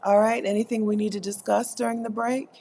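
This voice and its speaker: Her mid-range voice is gravelly yet mellow, with little pitch movement and a slightly fast pace, against slight background noise. She's a Caribbean host of a co-working livestream, reading chat out loud, laughing frequently and tossing out playful mock complaints.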